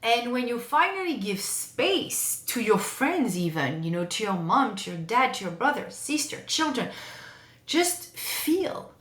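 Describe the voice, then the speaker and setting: A woman's voice: fairly high pitch, big pitch swings, a little slow, fairly bright tone. A woman in her forties, a therapist talking as a podcast guest in an earnest way, repeating phrases for emphasis. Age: 40s. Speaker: guest, family constellation therapist. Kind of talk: casual podcast conversation. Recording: roomy echoey room.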